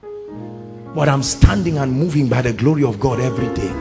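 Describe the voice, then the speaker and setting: A man with a Nigerian accent preaching a sermon, emphatic, swinging between hushed words and shouts. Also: medium pitch, normal speed, creaky, music in the background. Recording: sermon in a reverberant hall.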